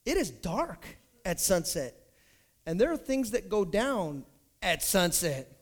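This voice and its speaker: High-voiced preaching man. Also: big pitch swings, slow. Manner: storytelling, building to shouted preaching. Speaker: pastor. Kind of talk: sermon.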